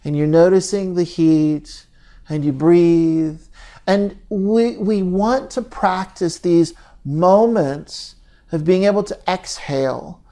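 Gentle, halting male therapist. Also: high voice. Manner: slow, gentle, halting delivery with frequent pauses. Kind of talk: reflective guided talk.

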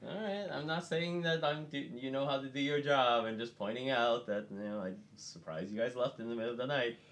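A man's voice: mid-range voice, a little fast, a bit bright. A man in casual chat as a tabletop player, wry and rambling.

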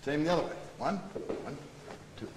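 Martial arts instructor in an echoey hall. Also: male voice, fairly high pitch, animated, moderate pace. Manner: instructive, demonstrating while coaching students. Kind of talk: hands-on teaching demonstration. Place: training hall at a seminar. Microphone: camera mic from a distance. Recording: echoey hall from far off, noisy.

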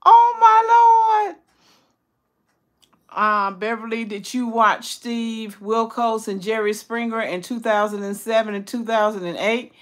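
A woman's voice: moderate pace, hardly any pauses. An older woman hosting a casual cooking livestream, greeting viewers by name and reading their comments aloud. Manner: excited high squeals and laughter when greeting friends. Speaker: cooking channel host.

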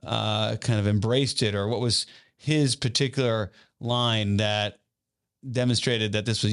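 A man's voice: on the low side, fairly even intonation, measured pace. A man hosting an interview podcast, asking long layered questions and often restarting as he frames them. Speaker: podcast host.

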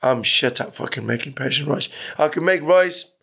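A man's voice: on the high side, normal speed, vocal fry, bright, forceful tone, slightly rough. A middle-aged man from Iran, a podcast guest telling his story candidly, with rambling talk and frequent swearing. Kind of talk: casual storytelling interview.

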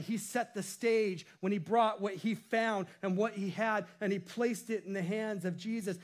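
High-voiced, playful preacher man. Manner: playful, jokes and laughs at himself. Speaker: pastor. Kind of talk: sermon.

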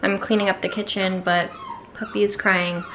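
A woman vlogs casually from her kitchen, chatting freely and often using "like" as a filler. Her voice sits at a middling pitch. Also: flat delivery, moderate pace, pushed and bright, slight background noise. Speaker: vlogger. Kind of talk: casual vlog chat. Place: home kitchen.

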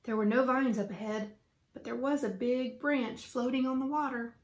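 A woman teacher reading a children's book aloud with lively, expressive storytelling. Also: a little high, moderate pace. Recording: roomy echo.

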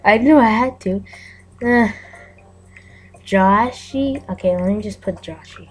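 A woman's voice: medium pitch, slow pace, pauses often, slight background noise. A woman giving casual, chatty commentary as she plays a game, often giggling. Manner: chatty and giggly, narrating aloud. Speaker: gameplay video host.

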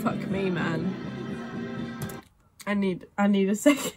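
A young woman giving casual reaction commentary on a music video, gushing and excitable and swearing freely. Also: medium pitch, takes it slowly, long pauses, husky.

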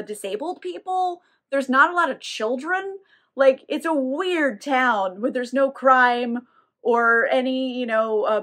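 A woman giving a casual, irreverent book recap, swearing freely and acting out the characters' lines. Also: fairly high pitch. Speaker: book reviewer.

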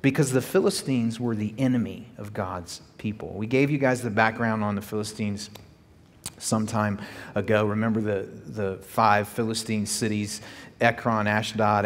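A man preaching a sermon as pastor, animated, with rhetorical questions, jumping between loud high exclamations and quiet asides. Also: normal speed. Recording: echoey hall reverb.

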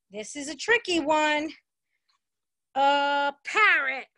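This woman teaches an online kids' dance class over a video call, yet the sound is clean and studio-like with no echo. Her high-pitched, slightly bright voice turns cheerful, slow and sing-song for her young pupils.

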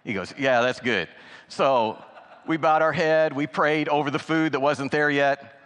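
A man giving a sermon as a guest speaker, telling a story and acting out the dialogue in an animated way. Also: fairly high pitch, normal speed. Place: church sanctuary. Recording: long church hall reverb.

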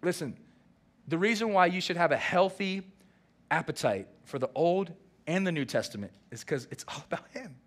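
A man, the senior pastor, preaching a sermon and acting out lively dialogue. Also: a little high, normal speed. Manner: animated preaching with acted-out dialogue.

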